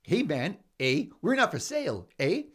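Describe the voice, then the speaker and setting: British host doing a jokey put-on Canadian, mumbled through a half-open mouth. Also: male voice, on the high side, wildly swooping pitch, moderate pace, slightly rough, full character voice. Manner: half-closed mouth, tags everything with "eh". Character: mock Canadian man, jokey and laid-back.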